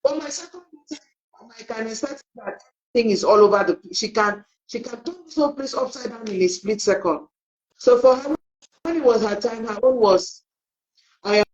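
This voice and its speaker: Dull lo-fi middle-aged woman, lively storyteller. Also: a little high, normal speed. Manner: animated storyteller who acts out quoted dialogue. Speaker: parenting coach. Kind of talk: live online talk, telling stories. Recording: dull lo-fi audio.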